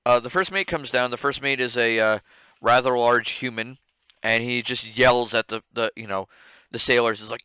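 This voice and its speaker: A man running a tabletop game as game master, relaxed, with frequent laughter and fillers. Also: mid-range voice, normal speed, smooth, no room sound, highs cut off.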